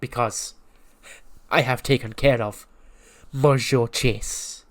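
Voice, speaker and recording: A man's voice: mid-range voice, steady tone, normal speed, natural voice. A man doing a pompous French wrestling teacher. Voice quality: put-on French accent. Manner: loud, theatrical, stretches words.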